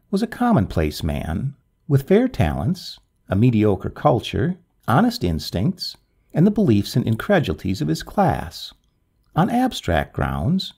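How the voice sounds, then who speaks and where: A man reading a classic ghost story aloud, with dramatic storytelling and a gravelly, husky voice. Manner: dramatic storytelling with very lively swings in pitch. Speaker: narrator.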